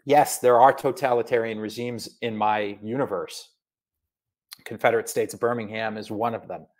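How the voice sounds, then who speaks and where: A middle-aged man from Massachusetts, an author chatting in an interview, animated and full of asides. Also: on the low side, moderate pace. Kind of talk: casual video interview.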